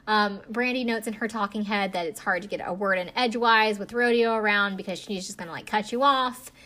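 A woman with a bright, forceful, medium-pitched voice recaps a reality dating show in a chatty, snarky style. She often acts out quotes in funny voices as she goes.

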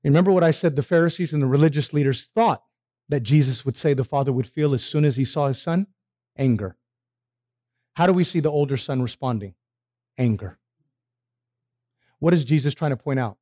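A man preaches a sermon in a brisk, animated mid-range voice, leaving long pauses as he poses questions to the congregation and answers them himself.

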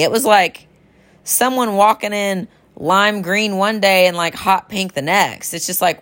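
A woman's voice: medium pitch, a little slow, a bit bright. A woman health practitioner chatting enthusiastically about her patients in a casual storytelling monologue, often calling her listeners y'all.

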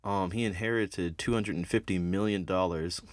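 A man's voice: low-pitched, fairly even intonation, normal speed, dry recording. A man telling a comedic story in a casual, rambling monologue and laughing often.

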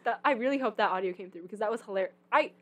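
A young woman co-hosting a casual podcast chat, giggly and rambling. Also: mid-range voice. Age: young adult. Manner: giggly, animated, quick and rambling. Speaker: podcast co-host. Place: sitting by a window with cars passing.

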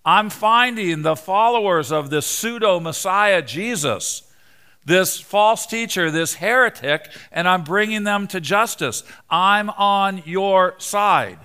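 A man's voice: high voice, expressive, slow, pushed and bright, smooth, voice pushed up, heavily acted. A preacher voicing Saul as a self-righteous zealot, protesting that he is on God's side. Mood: indignant. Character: indignant zealous male persecutor Saul.

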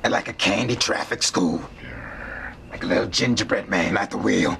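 A laid-back man rambling through offbeat thoughts in a film comedy. His voice is very low and gravelly. It has a sharp, bright edge to it. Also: normal speed, a little hiss or hum, full character voice. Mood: musing.

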